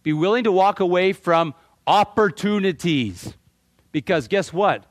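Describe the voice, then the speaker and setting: A middle-aged man from Canada speaks to a live audience. He is animated and joking, and his voice sits fairly high. He often stumbles and repeats words as he restarts, and the sound is dry and close. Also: fairly quick, dry recording. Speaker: motivational speaker.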